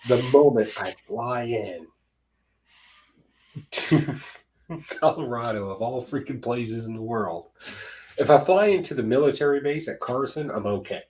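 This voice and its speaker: A man's voice: medium pitch, expressive, unhurried, long pauses, a little mellow, rough recording. A middle-aged man chatting casually on a panel, a rambling, jokey storyteller. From United States. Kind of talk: casual chat.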